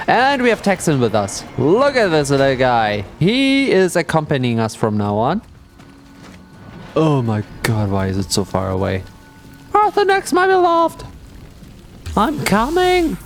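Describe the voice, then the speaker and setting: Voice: mid-range voice, measured pace, pauses often, faint music behind. A streamer chatting casually and playfully during a gameplay livestream. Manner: playful and animated, with silly meowing bits.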